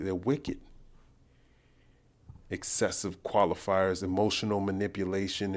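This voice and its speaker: A man hosting a livestream who mixes Bible teaching with reactions to news clips. He talks in a preachy way, repeats himself and turns loud and indignant. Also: low-pitched. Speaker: livestream host.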